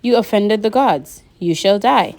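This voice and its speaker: A woman's voice: mid-range voice, lively intonation, darkish tone. Woman voicing a hissing monstrous Fury. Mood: menacing. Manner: slow, threatening delivery. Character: menacing female Fury, hissing monstrous former teacher.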